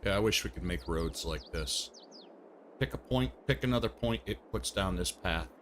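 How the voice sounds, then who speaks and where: A man's voice: sits low, normal speed, a bit bright, slight background noise. A man giving casual commentary while streaming a game, chatty and thinking aloud, often laughing at himself. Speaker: livestreamer.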